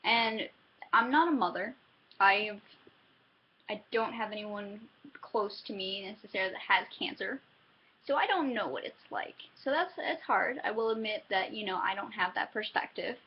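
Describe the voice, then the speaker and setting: A woman's voice: mid-range voice, normal speed, breathy edge, muffled recording. A young woman giving a casual book review, chatty and self-interrupting, often laughing between thoughts.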